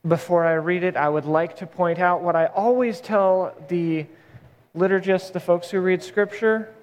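A man preaching as a pastor, reading scripture aloud and adding relaxed, joking asides before praying and starting his sermon. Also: sits high, moderate pace. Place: church sanctuary. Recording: long reverb of a large church.

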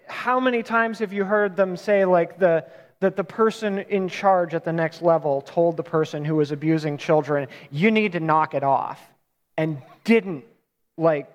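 A man with a high voice preaches in a relaxed, chatty way. He often stops to correct himself. His voice rings with the long reverb of a large hall. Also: normal speed, dull audio. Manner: casual, conversational retelling with self-corrections. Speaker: pastor. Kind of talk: sermon.

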